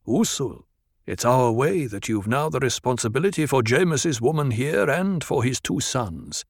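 A man voicing a stern male tribal chief who speaks gravely and with command, in a dry recording. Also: normal speed, dry recording. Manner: grave, commanding, low and even.

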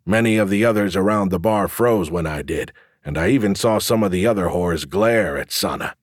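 Low, gruff male audiobook narrator. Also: normal speed, no room sound, studio quality. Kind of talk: first-person fantasy audiobook narration.

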